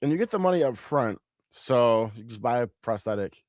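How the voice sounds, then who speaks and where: A man's voice: mid-range voice, animated, fairly quick, crowd noise. A young man co-hosting a podcast, joking around in casual chat and laughing often. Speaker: podcast co-host.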